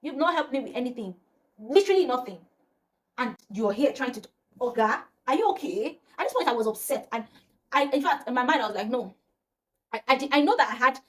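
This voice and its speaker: A young woman, telling a personal story to camera in a casual, animated way and acting out the dialogue. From Nigeria. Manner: animated, acts out quotes with rising pitch, laughs between lines. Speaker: storytime vlogger.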